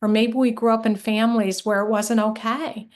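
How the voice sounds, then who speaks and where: A woman's voice: on the high side, steady tone, normal speed. A middle-aged woman leading a workshop for moms, speaking in an earnest, encouraging way and putting questions straight to her listeners. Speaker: workshop leader and coach for moms. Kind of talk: live online workshop talk.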